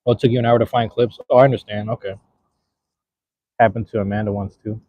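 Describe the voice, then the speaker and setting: Man, casual live-stream talk, eating while chatting, slangy, husky, dry close sound. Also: lowish voice, fairly even intonation, quick pace, dry recording, lo-fi sound. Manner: laid-back, slangy, talks to chat while eating.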